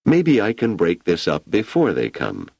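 A man's voice: low-pitched, huge pitch swings, measured pace, creaky, a little mellow, breathy edge, no room sound, highs cut off, voice pushed up, exaggerated voice. A man voicing a firm, authoritative middle-aged male professor in a storybook reading, formal and precise. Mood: commanding.

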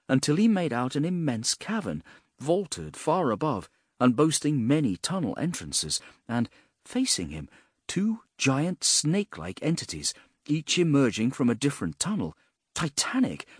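A man narrating a fantasy audiobook in a measured, expressive way, with a husky voice. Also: mid-range voice, no room sound, clean studio sound.

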